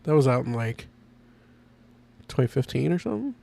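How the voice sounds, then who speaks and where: A man chatting casually on his podcast, eager and rambling. He laughs often as he goes, and his voice sits at a middle pitch. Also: big pitch swings, moderate pace, vocal fry, dark tone. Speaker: podcast host. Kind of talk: casual chat.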